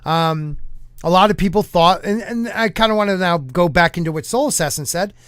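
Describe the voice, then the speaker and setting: Male podcast host, higher voice, rambling and halting, dry close sound. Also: a bit bright, clear, resonant tone, no echo. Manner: rambling, halting, many fillers and restarts. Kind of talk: casual podcast chat.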